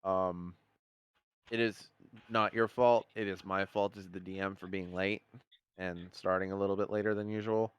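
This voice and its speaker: A man's voice: low-pitched, flat delivery, moderate pace, clean tone, no room sound. A man narrating a tabletop game as game master, casual and swearing freely.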